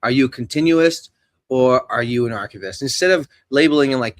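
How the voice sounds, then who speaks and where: Male podcast host, loose and joking, mid pitch, dry close mic. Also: brisk, no room sound. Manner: loose, joking, acts out quoted people. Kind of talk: casual profane chat.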